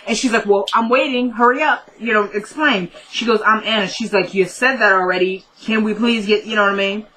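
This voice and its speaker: A woman's voice: mid-range voice, steady tone, a little fast, hardly any pauses, pushed and bright, low-quality recording. A woman casually recapping a TV drama episode, chatty and retelling scenes by quoting the characters.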